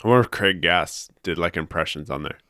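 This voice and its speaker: Laid-back young man, low smooth voice. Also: a little fast, bright, forceful tone, no echo, studio quality. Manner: laid-back, swears freely, mocking asides. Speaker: podcast co-host. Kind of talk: casual chat.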